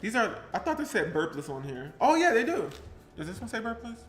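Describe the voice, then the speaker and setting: A man's voice: high-pitched, very animated, brisk, a bit bright, soft background music. A man from New Jersey, a vlogger, chatting casually and rambling while he bakes at home. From Pleasantville, New Jersey. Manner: chatty, rambling, breaks into song snippets. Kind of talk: casual live-stream chat while baking. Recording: roomy echo.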